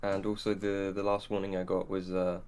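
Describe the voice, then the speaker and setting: Male sim driver post-race, deep monotone, heard distantly through voice chat. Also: a little fast, smooth. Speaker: racing driver interviewed after race.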